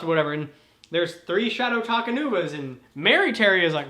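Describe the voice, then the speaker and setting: A man's voice: high-pitched, lively intonation, fairly quick, sharp tone, roomy sound. A man casually recapping a story, rambling with frequent swearing and laughter. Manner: rambling, profane, laughs often. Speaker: host.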